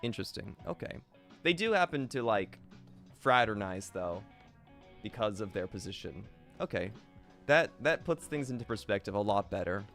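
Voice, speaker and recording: A man's voice: fairly low pitch, lively intonation, normal speed, fairly bright tone, faint music behind. A man streaming a game live, thinking aloud and answering chat with many fillers.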